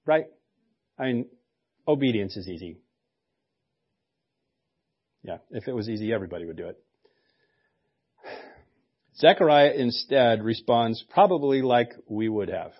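A man's voice: mid-range voice, expressive, a little slow, long pauses, husky, highs cut off. Conversational, joking male pastor. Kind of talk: sermon.

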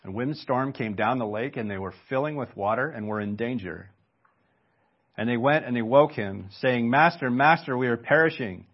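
A man's voice: medium pitch, normal speed, slightly rough, lo-fi sound. A man preaching a sermon in a conversational way, stopping for rhetorical questions and asides. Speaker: pastor.

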